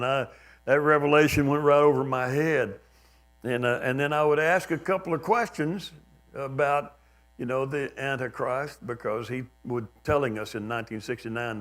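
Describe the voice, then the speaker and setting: A man's voice: medium pitch, normal speed, a bit bright. A man in his seventies, a pastor, preaching a sermon in a church in a conversational, self-deprecating way, now and then mimicking others with a raised, emphatic voice. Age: 70s. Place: church sanctuary.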